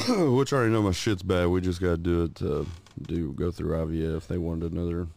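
A man with a very low, gravelly voice swaps crude stories with his co-host. He swears freely and slips into the voices of the people in his tales. The talk stays loose and unscripted. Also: a little fast, a little mellow, dry recording. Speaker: podcast co-host. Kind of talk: casual chat, crude storytelling.

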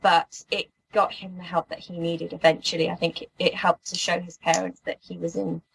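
A young woman from the UK telling a personal story in an earnest, halting way, with many restarts. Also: on the low side, little pitch movement, creaky, a little hiss or hum, poor audio. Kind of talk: emotional personal account.

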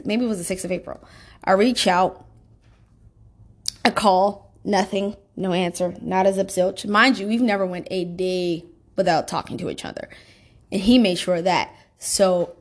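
A woman telling a personal story in a rambling, casual way, with many fillers and restarts and emphatic, indignant complaints. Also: medium pitch.

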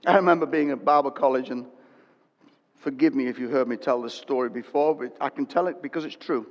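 Older preacher in echoey hall. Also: male voice, medium pitch, fairly quick. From England. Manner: animated storytelling that swings from loud to hushed. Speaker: pastor. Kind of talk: sermon. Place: church hall. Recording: dull echoey church hall recording.

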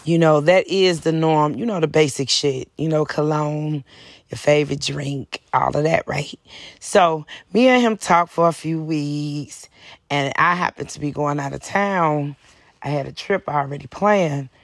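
A woman with a raspy voice telling stories in a casual monologue, blunt and profane, acting out both sides of each exchange. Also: sits low, unhurried, dry recording, studio quality. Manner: blunt, profane, animated storytelling. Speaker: podcast host.

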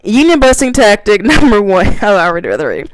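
A woman's voice: medium pitch, fast talker, no room sound. A woman reading points aloud and ranting about them, swearing, laughing and acting out confrontations. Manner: animated, laughing, swearing, acts out mocking confrontations. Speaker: commentator reading and reacting. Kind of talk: profane ranting commentary.

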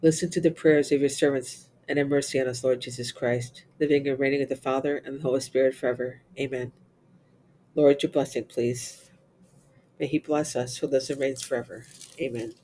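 A man reciting the Divine Office, reading psalms and lessons in English with Latin responses, in a steady, even recitation. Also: mid-range voice, brisk, slight background noise. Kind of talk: reciting liturgical prayer and psalms.

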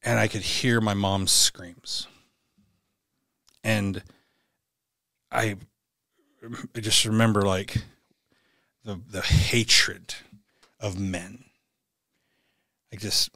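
A middle-aged man with a lowish voice tells a personal story as a podcast guest. He is blunt and profane and acts out the lines he quotes. His voice sounds dry and close, with no room echo. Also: level tone, slow pace, long pauses, bright, forceful tone. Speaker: podcast guest, former Navy SEAL.

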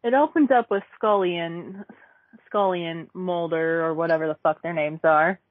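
A woman's voice: on the low side, normal speed, no echo. A woman in casual chat about a cartoon, rambling, swearing and fumbling for names. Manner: profane, rambling, forgets names. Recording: dry tinny phone-like line.

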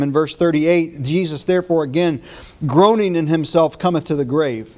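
A male pastor delivering a morning sermon. His voice sits a little high for a man, and he talks in an earnest way, restarting words as he retells scripture and reads it aloud. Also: moderate pace, a little mellow.

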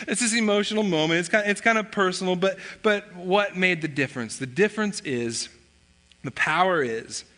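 A male pastor delivers a sermon with a bright, slightly high voice. He tells stories conversationally and slips into acted-out family dialogue. His voice rings with the long reverb of a church sanctuary. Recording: long reverb of a large hall.

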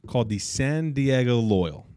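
A man's voice: mid-range voice, lively intonation, a little slow, mellow, clear, resonant tone, no echo, clean studio sound. A young man co-hosting a casual sports podcast, blunt and opinionated, trash-talking teams. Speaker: podcast co-host.

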